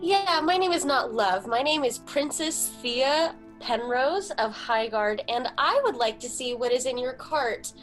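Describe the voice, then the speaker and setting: A proud young princess who speaks in a formal, determined way and will not back down, as a woman plays her in a tabletop game. Her voice is fairly high and a little haughty. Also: lively intonation, unhurried, few pauses, music in the background.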